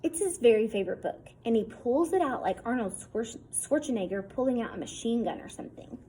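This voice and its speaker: A woman's voice: fairly high pitch, expressive, fairly quick, mellow, slightly rough, low-quality recording. Woman reading a wry, casual first-person story. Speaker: audiobook reader. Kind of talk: first-person novel narration.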